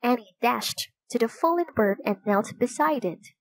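A woman narrating a storybook in a calm, even way. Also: fairly high pitch, moderate pace, no room sound. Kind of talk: storybook reading.

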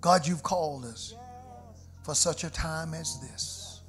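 A middle-aged pastor, preaching a sermon live in a church with dynamic swings from soft prayerful murmurs to loud shouted lines. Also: male voice, a little high, takes it slowly. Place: church sanctuary. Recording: live church livestream with organ music behind. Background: musical instruments.

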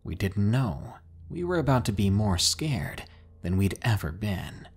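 A man narrating scary stories in a dramatic, drawn-out way, pausing for suspense. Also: on the low side, very animated, a little mellow, husky. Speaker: horror story narrator. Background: faint music.

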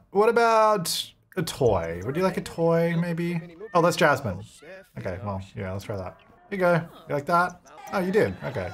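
A man's voice: a little high, fairly bright tone, slight background noise. A man giving casual gameplay commentary, chatty, talking to his game characters and laughing often. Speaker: gaming video creator.

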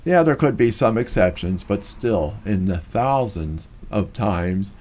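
A man presenting a scripted teaching narration on scripture, slow and deliberate, stressing single words. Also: lowish voice, lively intonation, darkish tone. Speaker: religious history presenter.

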